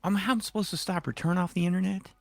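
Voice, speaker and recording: Deadpan teasing guy, gravelly voice, dry mic. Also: high voice, fast, no room sound, faint music behind. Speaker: podcast co-host. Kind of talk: casual chat.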